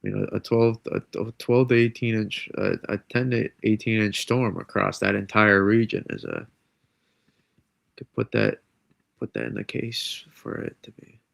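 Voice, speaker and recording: A man's voice: lowish voice, lively intonation, normal speed, vocal fry, a bit bright, dry recording. A man forecasting weather on a live stream, rambling and restarting his sentences, stuffy and under the weather with a cold. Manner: rambling, self-correcting, casual. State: congested from a cold.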